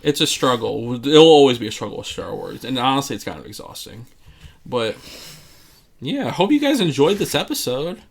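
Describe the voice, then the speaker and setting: A man's voice: medium pitch, big pitch swings, moderate pace, vocal fry, husky. A man co-hosting a casual review show, rambling and restarting his sentences, laughing often. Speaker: podcast co-host.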